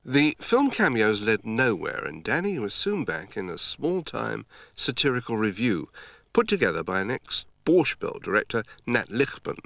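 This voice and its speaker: A man narrating an arts documentary in a wry, measured storytelling manner. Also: on the low side, big pitch swings, creaky, fairly bright tone.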